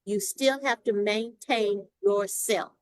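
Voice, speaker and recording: A woman's voice: medium pitch, takes it slowly, no room sound, low-quality recording. A woman with a Southern Texas accent, a longtime Toastmasters member speaking emphatically in a casual group discussion.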